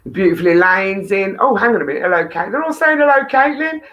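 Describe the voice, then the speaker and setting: A woman's voice: medium pitch, animated, quick pace, fairly bright tone, muffled recording. A woman hosting a live-stream chat show, affectionate and teasing with her viewers. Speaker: host. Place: home studio.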